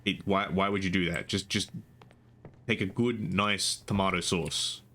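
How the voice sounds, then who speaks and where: A man's voice: deep voice, fairly even intonation, a little slow, pushed and bright. A young man streaming live, chatting casually and rambling with frequent restarts and casual swearing.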